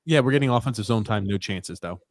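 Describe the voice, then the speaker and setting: A man hosting a sports podcast and reacting to a live game in casual chat, animated and teasing his co-host. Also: lowish voice. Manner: animated, teasing, quick to laugh. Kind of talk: casual sports commentary while watching a game.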